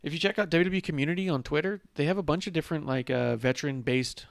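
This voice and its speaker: Two buddies' wrestling show: this host talks in a clean, resonant voice, close and dry on the mic, with no room around it. He keeps things loose and jokey, cracking wise between sips, mid-pitched and relaxed. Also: fast, vocal fry, no echo. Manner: joking, loose, drinks on air. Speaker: podcast host. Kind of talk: casual wrestling podcast chat.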